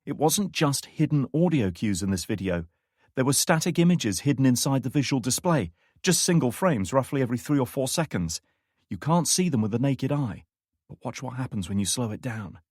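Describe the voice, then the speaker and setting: A man's voice: mid-range voice, animated, normal speed, a little mellow, dry recording, clean studio sound, voice pushed up, natural voice. A man reading an audiobook, voicing an eager man who explains technical findings.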